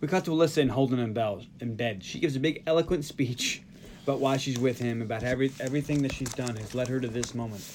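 A man's voice: mid-range voice, fast, darkish tone, slight background noise. A man from the Northeast US hosting a casual podcast, animatedly retelling movie scenes. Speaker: podcast host. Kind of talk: casual movie recap chat.

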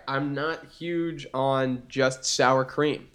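A young man with a faint Boston accent co-hosts a podcast in casual chat. He rambles and piles on fillers, and his voice sits slightly higher than most men's. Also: slow, smooth. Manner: animated, rambling, lots of fillers. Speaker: podcast co-host.

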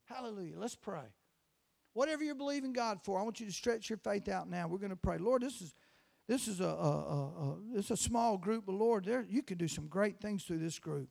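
Guy preaching in a church, high voice, kinda gravelly, tells stories and stumbles over words. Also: lively intonation, brisk, a little mellow. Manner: folksy storytelling, stammering restarts, fervent prayer. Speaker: guest preacher. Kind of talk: sermon.

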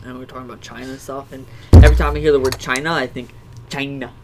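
A man's voice: mid-range voice, steady tone, racing, very noisy. A young man co-hosting a casual podcast chat, joking and laughing often. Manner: joking, laughs a lot, loud bursts. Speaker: podcast co-host.

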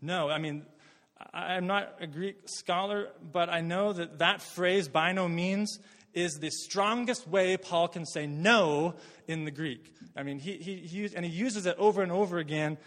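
A man from Canada preaches a sermon in a conversational, earnest way. His voice sits a little high for a man, and his words tumble and repeat as he works through the point. The room carries a long, ringing echo. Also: moderate pace, a bit bright. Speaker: pastor.

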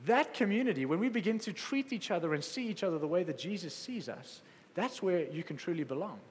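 A man preaching a sermon with passion, swinging between loud exclamations and quiet, soft stretches. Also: sits high, expressive, a little fast, in a large hall. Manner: passionate, rising to exclamations then dropping soft.

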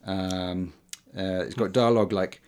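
A man in a casual podcast chat, talking haltingly with many ums and uhs and frequent chuckles. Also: sits low, fairly even intonation, darkish tone. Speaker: podcast host reviewing old films.

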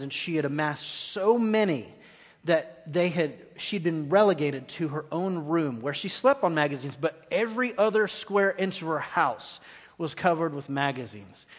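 A man preaching a guest sermon in a church, earnest and dropping to quiet intensity at key points. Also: fairly high pitch. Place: church sanctuary. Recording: long echoey hall reverb.

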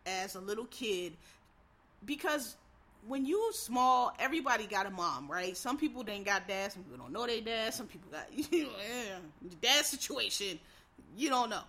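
Woman, blunt and profane, heated monologue to viewers, high and very bright voice. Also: animated, moderate pace.

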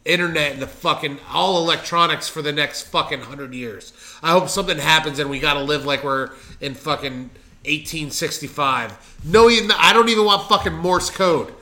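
Man, podcast co-host, casual chat, fairly high pitch, emphatic profane rant. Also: moderate pace, few pauses, pushed and bright.

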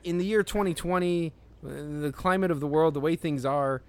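A man co-hosting a casual podcast, rambling in halting bursts, swearing freely and laughing often. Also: fairly high pitch, smooth. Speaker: podcast co-host. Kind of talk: casual chat.

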